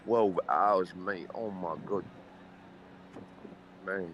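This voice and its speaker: A man's voice: on the low side, animated, brisk, muffled recording. A man in casual banter, rambling and slangy, calling everyone mate and brother, putting on a British-style accent. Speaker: guest in voice chat. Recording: voice chat with clear background noise.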